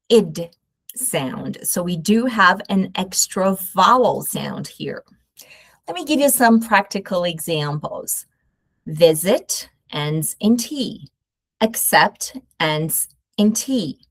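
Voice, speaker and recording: A Brazilian woman with a Brazilian Portuguese accent teaching English pronunciation, repeating each word slowly and carefully. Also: mid-range voice, no echo, studio quality. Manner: slow, careful repetition of words. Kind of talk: pronunciation lesson.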